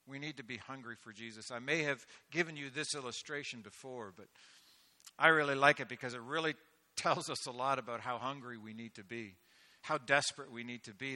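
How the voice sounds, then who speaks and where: A man preaching a sermon, swelling into loud, emphatic delivery with rhetorical questions. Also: medium pitch, a little fast. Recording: echoey hall with long reverb.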